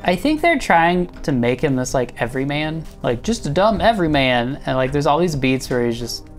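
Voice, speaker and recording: A man's voice: on the high side, sing-song, moderate pace, faint music behind. A man hosting a comedy show, ranting sarcastically and rambling while he gets his makeup done. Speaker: host.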